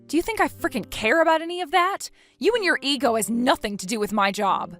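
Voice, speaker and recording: In a text-story dramatization, a woman plays a fed-up young wife who works from home, firing back sharp, angry retorts in exasperation. Her voice is high, animated and brisk, with soft music playing behind her.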